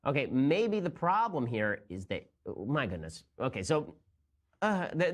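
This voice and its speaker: A man's voice: fairly high pitch, very animated, normal speed. A young man hosting a commentary show, talking in a sarcastic, incredulous way as he reacts to clips. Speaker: political commentator host. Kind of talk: rapid-fire sarcastic commentary.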